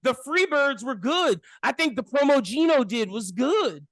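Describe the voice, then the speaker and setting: A woman co-hosting a casual film review podcast, animated and ranting with rapid opinions. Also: sits high, no echo. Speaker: podcast co-host.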